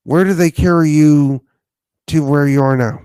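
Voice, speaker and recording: A man hosting a podcast interview, talking in a halting way with many pauses and restarts. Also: on the high side, mellow, clean tone, dry recording. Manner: halting, many fillers and restarts while asking. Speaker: podcast host.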